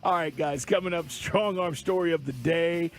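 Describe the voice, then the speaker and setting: A man hosting a sports talk radio show from a studio, telling stories in an animated, emphatic way. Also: on the high side, normal speed, soft background music.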